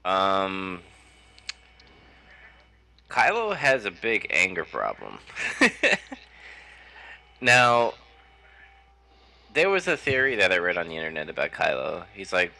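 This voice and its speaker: A man hosting a casual live podcast, excitedly talking about a film, reading out viewer chat and laughing often. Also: deep voice, slow pace, creaky, long pauses. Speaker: podcast host and streamer.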